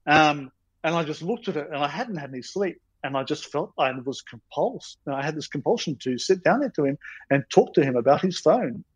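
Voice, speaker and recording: A man's voice: fairly high pitch, expressive, brisk, husky, no echo, poor audio. Rambling man telling stories. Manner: rambling, self-deprecating storyteller. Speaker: podcast guest, storyboard artist. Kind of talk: casual anecdote telling.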